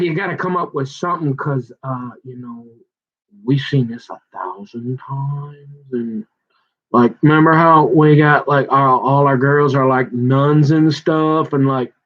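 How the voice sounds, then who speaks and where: A man of middle pitch talks in a rambling, halting monologue, often slipping into a raised voice to act out bits of dialogue. The recording is dull and lo-fi, with the top end muffled. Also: fairly even intonation. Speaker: vlogger.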